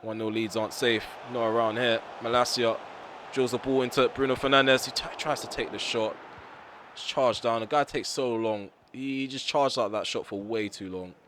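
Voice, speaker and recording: A young man commentating his own football video game, ranting bluntly at his players with a voice going hoarse. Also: medium pitch, fairly even intonation, moderate pace, fairly bright tone, a little hiss or hum. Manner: frustrated, ranting, blunt with mild swearing. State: voice getting hoarse. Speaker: gaming YouTuber. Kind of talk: live gameplay commentary.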